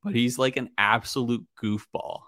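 A man's voice: medium pitch, steady tone, normal speed, fairly bright tone, dry recording, clean studio sound. A young man hosting a casual podcast chat, rambling with lots of fillers and easy laughter. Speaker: podcast host.

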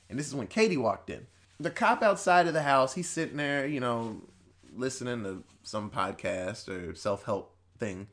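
A man's voice: a little high, expressive, normal speed, fairly bright tone. A man on a podcast casually retelling a horror movie plot, rambling and swearing, quoting the characters as he goes and laughing between points. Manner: profane, rambling storytelling with quoted voices. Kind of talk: casual movie recap chat.

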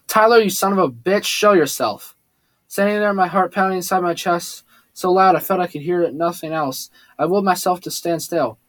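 A man's voice: fairly high pitch, no echo. Man narrating a first-person audiobook. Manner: steady reading with occasional slips and restarts.

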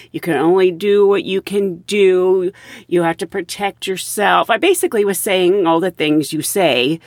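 A woman tells her own stories in a loose, chatty way, her pitch rising and falling a lot. The sound is dry and close, with no room in it. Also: no echo. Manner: lively, chatty, laughs while telling stories. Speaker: podcast host. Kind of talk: casual storytelling.

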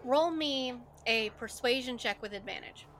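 A woman's voice: fairly high pitch, normal speed, fairly bright tone, a little hiss or hum. A woman narrating a tabletop game as game master, in a chatty, filler-heavy way.

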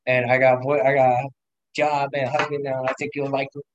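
A man's voice: medium pitch, level tone, fairly quick, highs cut off, background noise. A young man casually telling rambling, profane stories on a podcast, laughing often as he talks. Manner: rambling storyteller, laughs a lot, lots of swearing. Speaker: podcast guest. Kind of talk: casual chat.

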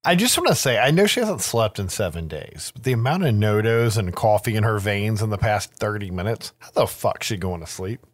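A man's voice: fairly low pitch, very animated, fairly quick, few pauses, no room sound, studio quality. A man co-hosting a casual podcast, tossing in joking, swearing asides about a film. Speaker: podcast co-host. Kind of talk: casual chat.

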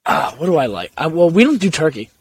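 A man's voice: fairly high pitch, sing-song, quick pace. A young man hosting a casual sports chat show, teasing his co-hosts as he runs the segments. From Italian-American family. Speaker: podcast host.

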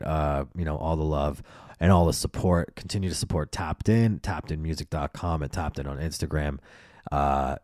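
A man's voice: low-pitched, a little mellow, dry recording, studio quality. A man hosting a solo podcast, ranting profanely and animatedly about his opinions, then reading sign-off plugs. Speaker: podcast host.

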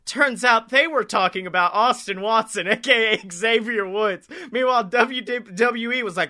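Bright high-voiced man, laughing wrestling chat. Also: moderate pace, few pauses. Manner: profane, laughs often while telling stories. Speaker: podcast co-host.

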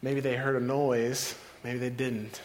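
A male preacher retelling a scripture story vividly, like a film scene, with dramatic pauses. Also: mid-range voice, little pitch movement.

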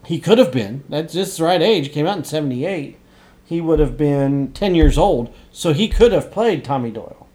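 Excitable man, slightly higher voice. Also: moderate pace. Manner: excitable, swings from hushed asides to loud outbursts. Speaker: podcast co-host. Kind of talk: casual chat about movies.

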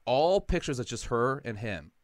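A man on a podcast, telling a comedic personal story in quick, animated, profane bursts. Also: mid-range voice, no room sound, clean studio sound. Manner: rapid, animated, profane anecdotes. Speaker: comedian guest.

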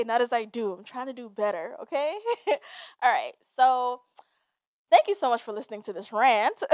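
Her voice sits a little high, and the recording has no echo. This solo podcast host is in an animated, chatty rant, peppered with "like"s and plenty of laughter.

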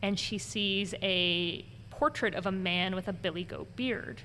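A woman's voice: medium pitch, measured pace. A woman who gives ghost tours, telling stories in conversation and acting out the voices of the people in them. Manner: animated storyteller acting out quoted voices. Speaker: ghost tour guide. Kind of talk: conversational storytelling interview. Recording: long reverb with faint background noise.

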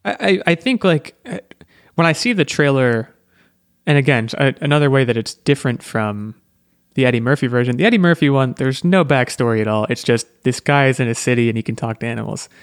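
A man's voice: medium pitch, animated, a little fast, smooth, dry recording, clean studio sound. A man hosting a podcast, talking casually with lots of fillers and restarts. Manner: chatty, hedging, lots of "like" and restarts. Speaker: podcast host. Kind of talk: casual chat.

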